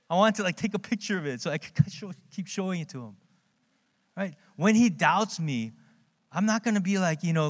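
A man preaching from a church pulpit, his voice sitting a little high and carried on a long, ringing hall reverb. He tells stories conversationally, often checking in with the congregation, and swings between soft low lines and lifted ones. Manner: conversational storytelling with dramatic pitch swings, many tag questions. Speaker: pastor. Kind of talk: sermon. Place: church sanctuary.

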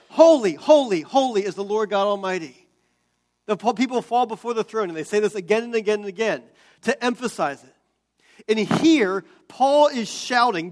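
A man preaching a sermon as pastor, explaining scripture and building to loud, emphatic peaks. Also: sits high.

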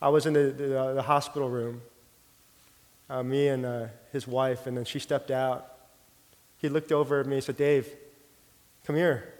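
A middle-aged man preaching a sermon, telling a personal story in an earnest, heartfelt way and sometimes dropping his voice soft. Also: medium pitch, level tone, normal speed, long pauses. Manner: earnest storytelling, drops soft for quoted prayer. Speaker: pastor. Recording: long hall reverb.

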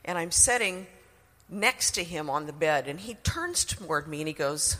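A woman's voice: low voice, big pitch swings, moderate pace, sharp tone, in a large hall. A middle-aged woman sharing a personal testimony in an earnest, emotional way.

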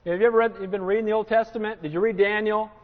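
A man preaching a sermon to a congregation, acting out quotes with lively bursts and asking "Amen?". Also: high voice, rapid-fire. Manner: animated, acts out quotes, asks congregation "Amen?". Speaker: pastor. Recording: dull sound with long hall reverb.

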